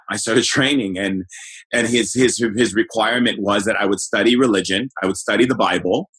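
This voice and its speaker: A middle-aged man and shaman guest, recounting his childhood in a relaxed, searching way with many fillers and restarts. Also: on the low side, husky, rough recording. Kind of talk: personal storytelling in an interview.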